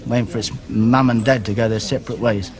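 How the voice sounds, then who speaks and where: A man's voice: medium pitch, fairly even intonation, fast talker, natural voice. An actor playing a rueful working man in a soap opera. He talks in a self-mocking, wry way.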